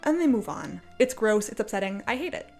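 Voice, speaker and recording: A woman's voice: mid-range voice, lively intonation, brisk, creaky, a little mellow. A woman ranting casually about a TV show from her apartment, exasperated and sarcastic, laughing often. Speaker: video creator. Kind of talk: casual commentary rant. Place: apartment, indoors. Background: faint cafe music.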